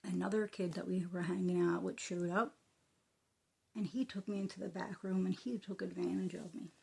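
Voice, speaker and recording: A woman telling a personal story in a soft, halting, emotional way, often dropping into a breathy whisper. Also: lowish voice, fairly even intonation. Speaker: vlogger.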